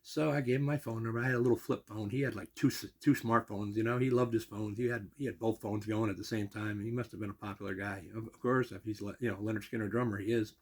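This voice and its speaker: A man's voice: fairly low pitch, fairly even intonation, fast, few pauses, a little mellow. An older man telling a long personal story in a rambling, casual way, full of asides and restarts. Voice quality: gravelly, husky.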